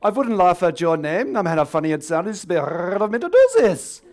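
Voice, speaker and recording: A man's voice: sits high, big pitch swings, brisk, pitched above the performer's own voice. A man putting on a pompous mock-German teacher. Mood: indignant. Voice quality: loud, clipped, indignant.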